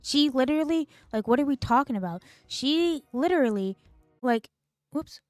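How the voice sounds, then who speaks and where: A woman's voice: high-pitched, expressive, moderate pace, a little mellow, no echo, faint music behind. A woman streamer ranting in casual commentary, exasperated and sarcastic, swearing and piling up fillers.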